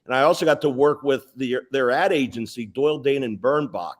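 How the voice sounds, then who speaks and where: A man in his sixties, a sales executive guest, telling lively anecdotes in an interview. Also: mid-range voice, a little fast. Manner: animated, anecdotal, lists details. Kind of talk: storytelling interview answers.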